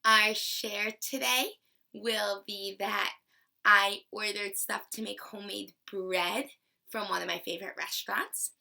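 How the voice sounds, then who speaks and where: Slow sing-song teacher woman, bright voice. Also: medium pitch, creaky. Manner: slow, sing-song and encouraging, stretching out sounds. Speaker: kindergarten teacher. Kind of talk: remote class lesson for young children.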